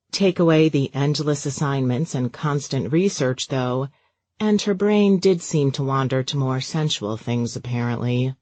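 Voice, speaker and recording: Deep-voiced woman narrating a romance audiobook. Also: no echo. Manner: steady, measured storytelling. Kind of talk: scripted narration.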